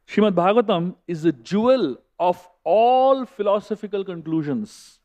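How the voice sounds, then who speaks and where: A man giving a scripture class, reciting Sanskrit verses slowly and explaining each one in English, asking his listeners rhetorical questions. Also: high-pitched, expressive, darkish tone. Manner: asks the audience rhetorical questions. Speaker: Bhagavatam class speaker. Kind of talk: scripture lecture. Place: temple hall.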